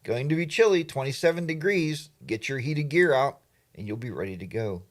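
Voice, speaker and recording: This Pennsylvania livestream host, a middle-aged man, has a mid-range voice with lively intonation and a brisk pace. He chats casually and playfully, greeting his viewers by name.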